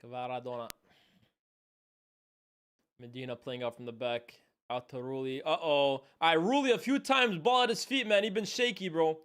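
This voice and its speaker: A young man from Canada talks through a live football watchalong stream in a slightly raised voice. He chats loosely in slang, jumps to loud reactions, then drops to low muttered asides. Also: fairly quick, smooth. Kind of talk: live match watchalong commentary.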